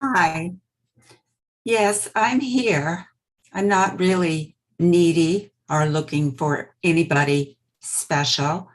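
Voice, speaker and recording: A woman playing a calm character from an unusual family in an improv comedy sketch on a video call. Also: fairly low pitch.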